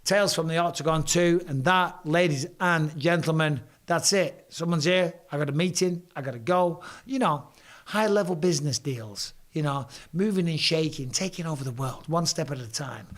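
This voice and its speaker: A hoarse man, banters through viewer comments on a casual live stream, cheeky and swearing. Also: on the high side, normal speed. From England. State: hoarse, voice strained.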